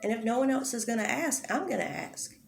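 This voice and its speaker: A woman's voice: on the high side, animated, fairly quick, creaky, a little hiss or hum. A woman giving an angry commentary rant, firing off confrontational rhetorical questions and swearing often. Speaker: drama commentary youtuber. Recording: echoey room.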